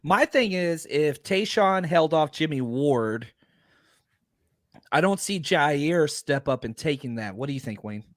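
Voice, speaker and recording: A man hosting a casual sports podcast roundtable, his voice hoarse and tired, talking in a self-deprecating, animated way. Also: on the high side, measured pace, no room sound, clean studio sound. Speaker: podcast host. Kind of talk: casual chat.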